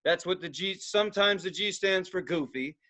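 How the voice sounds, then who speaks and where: High bright-voiced man telling stories. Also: normal speed. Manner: profane, rambling, acts out quoted voices. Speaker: podcast co-host. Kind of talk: casual storytelling chat.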